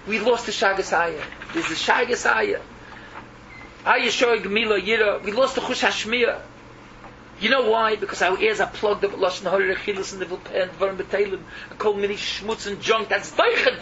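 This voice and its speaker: With a high, creaky, bright voice and a forceful tone, a rabbi gives an emotional, repetitive sermon in English peppered with Yiddish and Hebrew terms. He swings from cries to murmurs, and the muffled lo-fi recording carries background noise.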